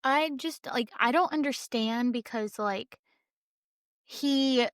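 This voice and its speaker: Woman cohost, a bit high voice, reacts a lot, says literally a lot, dry close mic. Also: slow pace, no room sound. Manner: reacts with questions, lots of "like" and "literally". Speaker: podcast co-host. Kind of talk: casual chat.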